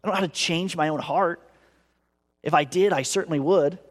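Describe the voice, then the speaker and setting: Earnest male pastor in a reverberant hall. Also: a little fast. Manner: earnest, acts out inner voices with big pitch swings. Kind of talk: sermon.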